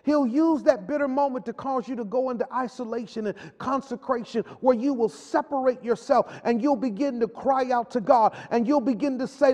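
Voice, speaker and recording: High-voiced man preaching in an echoing hall. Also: normal speed, few pauses, a little mellow. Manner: repetitive, call-and-response preaching. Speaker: pastor. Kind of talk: sermon. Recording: long hall reverb.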